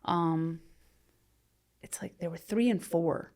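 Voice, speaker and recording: Gravelly-voiced woman in her thirties. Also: lowish voice, takes it slowly. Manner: conversational, frequent "you know", trails off softly to near-whisper. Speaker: podcast guest. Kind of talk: candid personal storytelling in interview.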